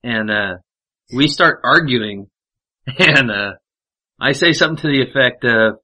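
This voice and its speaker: A man with a bright, sharp-edged voice spinning loose, profanity-laden stories. He trails off into mumbles, stacks up fillers and restarts, then punches back in loud. It is easygoing podcast banter. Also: mid-range voice, animated, unhurried, long pauses, low-quality recording. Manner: profane, rambling anecdotes with frequent fillers. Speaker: podcast storyteller. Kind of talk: casual chat.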